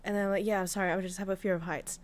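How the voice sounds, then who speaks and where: Talking very fast in a mid-range voice with fairly even intonation, a VTuber streamer recounts a story in casual chat. She's candid and swears, with many fillers and restarts, and she is tearful, her voice breaking.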